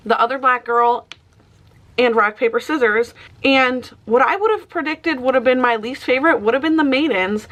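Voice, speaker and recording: Chatty woman with a higher voice. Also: a bit bright. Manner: chatty, peppered with "like". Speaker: book vlogger. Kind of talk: casual vlog chat.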